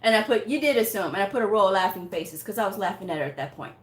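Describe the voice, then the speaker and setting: A woman's voice: mid-range voice, lively intonation, very fast. A woman hosting a medical coding channel, telling a story bluntly and directly. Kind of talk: casual talking-head rant. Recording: echoey room sound.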